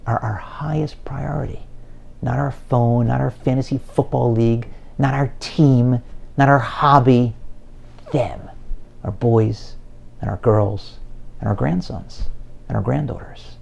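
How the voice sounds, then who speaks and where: Male speaker, dark and husky, dramatic storyteller in an inspirational talk. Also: mid-range voice, expressive, slow, highs cut off. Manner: dramatic storytelling, voice rising when quoting. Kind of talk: inspirational speech.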